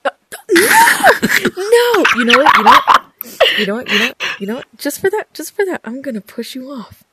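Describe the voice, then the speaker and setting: A woman giving let's play commentary, talking back to a game character with loud exclamations, scolding, frequent laughter and swearing. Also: high voice, big pitch swings, normal speed, slightly rough. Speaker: gaming video creator.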